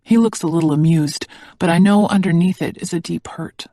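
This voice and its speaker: Measured first-person audiobook narrator, mid-pitched voice, close and dry. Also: warm tone, no echo.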